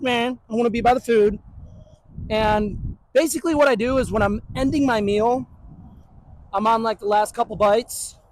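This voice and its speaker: A man's voice: very high-pitched, a little hiss or hum, poor audio. A man who trains dogs, explaining in a blunt, joking, casual way. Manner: blunt and joking, puts on the dog's voice. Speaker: dog trainer. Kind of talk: casual teaching talk.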